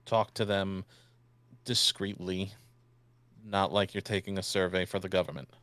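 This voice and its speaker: A man's voice: low-pitched, level tone, normal speed, fairly bright tone, no room sound. A man role-playing his character in a tabletop game, joking and crude, talking with a put-on New York accent. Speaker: player.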